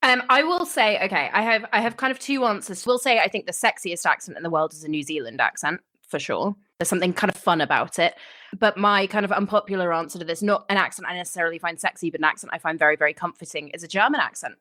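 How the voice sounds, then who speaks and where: Casual podcast co-host, woman, teasing and quick to laugh. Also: on the low side, sharp tone, no room sound. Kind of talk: casual chat.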